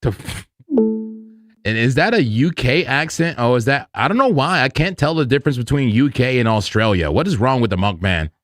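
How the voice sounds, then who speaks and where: A man hosting a casual live crypto trading stream who talks excitably, laughs loudly and repeats himself. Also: medium pitch, normal speed, no echo, soft background music.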